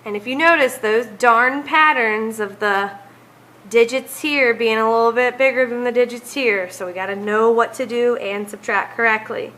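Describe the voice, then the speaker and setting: A woman's voice: a little high, normal speed, a bit bright, rough recording. A woman teacher walking through math homework problems, counting aloud step by step.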